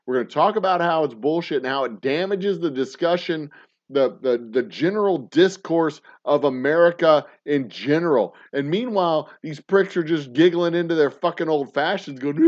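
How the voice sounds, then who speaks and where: A man in his thirties hosting a casual show, ranting profanely, swinging from mumbled asides to loud outbursts. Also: fairly high pitch, expressive, normal speed, dull audio. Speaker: podcast host.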